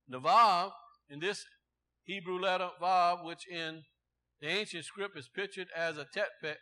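A male preacher delivering a Bible teaching sermon. His voice sits high for a man and rings bright. He moves from careful word study to fervent exhortation. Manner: explains word meanings slowly, then preaches with rising fervor.

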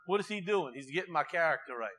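A man's voice: on the high side, lively intonation, quick pace, sharp tone. A man preaching a sermon in a conversational way, asking the congregation rhetorical questions.

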